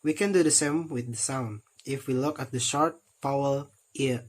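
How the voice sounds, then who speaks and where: Young man reading phonetics notes haltingly. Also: medium pitch. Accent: Indonesian. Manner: careful, halting reading with frequent restarts. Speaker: student presenting a recorded test. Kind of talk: reading a phonetics text aloud.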